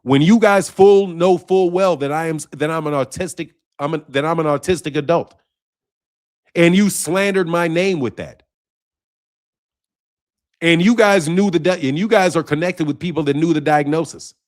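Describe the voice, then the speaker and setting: A man with a high-pitched voice hosts a boxing channel and delivers a casual monologue to camera. He talks in an emphatic, repetitive way, swearing often and pressing his points with intensity. The sound is dry and close, with no room echo. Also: moderate pace. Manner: intense and confrontational.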